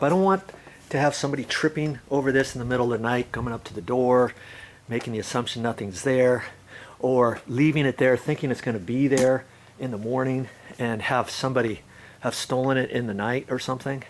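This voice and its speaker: A man's voice: medium pitch, a little fast. A man hosting a do-it-yourself video, explaining things in a plain, repetitive way and checking in with "okay?" as he works on a ladder outdoors. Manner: plain-spoken, repeats points and checks in with "okay?". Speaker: DIY video host. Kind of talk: casual how-to demonstration. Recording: roomy, distant, noisy outdoor recording.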